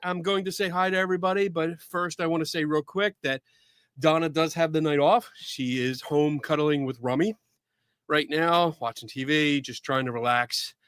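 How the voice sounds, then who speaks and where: A middle-aged man hosting a casual live stream, excitably greeting viewers by name in quick asides. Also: fairly high pitch, clear, resonant tone, no room sound, clean studio sound.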